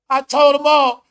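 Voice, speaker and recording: A man's voice: very high voice, bright, forceful tone. A man giving casual, profane vlog commentary and breaking into laughter often. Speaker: online commentator.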